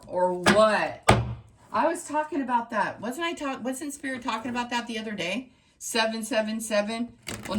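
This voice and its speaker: A woman's voice: mid-range voice, fairly bright tone. A woman running a tarot reading channel, talking straight to her viewers in an emphatic, repetitive pep-talk style. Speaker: tarot reader.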